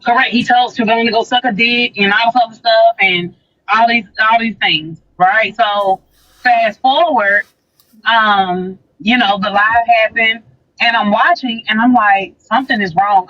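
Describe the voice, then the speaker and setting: A woman's voice: medium pitch, normal speed, dull audio. A woman on a livestream, retelling a dispute in casual chat and acting out the quotes. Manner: animated retelling, acts out quotes. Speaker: guest recounting a dispute.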